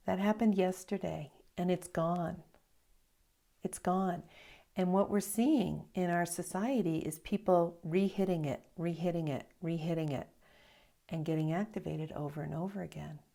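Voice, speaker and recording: Mellow-voiced woman meditation teacher. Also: lowish voice. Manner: slow, reflective storytelling with soft hushed asides. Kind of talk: evening dharma talk.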